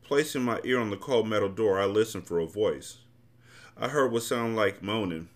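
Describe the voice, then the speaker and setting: Podcast host reading an urban novel, lowish male voice, casual and blunt. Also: moderate pace. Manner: casual, blunt, profane commentary. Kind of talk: reading a novel aloud and commenting.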